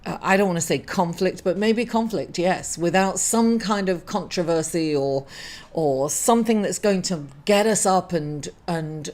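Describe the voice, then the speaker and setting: Middle-aged woman, astrology host, grieving, halting delivery full of fillers and apologies. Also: on the low side, a little mellow. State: emotional, grieving. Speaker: astrology reader. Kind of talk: weekly horoscope reading to camera.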